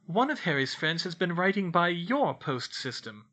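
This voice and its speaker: A man's voice: sits high, very animated, normal speed, sharp tone, voice pushed up, exaggerated voice. A man reading a story voices a stern, dignified older woman professor with a formal, commanding manner.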